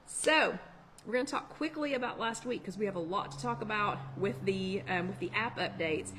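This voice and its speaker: A woman hosting a live online workshop chat, talking fast in a chatty, encouraging way. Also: medium pitch, fairly bright tone, a little hiss or hum. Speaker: workshop host. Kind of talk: casual live-stream chat.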